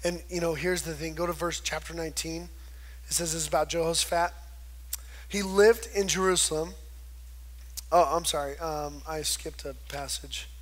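A man's voice: on the high side, fairly even intonation, normal speed, fairly bright tone. A man preaching a conversational sermon, retelling scripture and acting out the quoted voices. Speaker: pastor.

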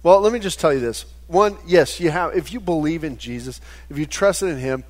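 A man in his thirties preaching a sermon as pastor, conversational and animated, with frequent stammered restarts. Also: on the high side, brisk.

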